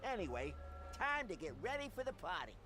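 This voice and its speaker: A man's voice: high voice, big pitch swings, a little fast, background noise. An actor voicing an upbeat, talkative male animal detective in a game, coaxing and teasing. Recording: game audio under music.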